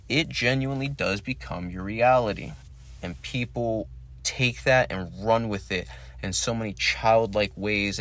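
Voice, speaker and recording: A man's voice: fairly low pitch, a bit bright. A man hosting a solo podcast, talking in a rambling monologue that searches for words and swears casually. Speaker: podcast host.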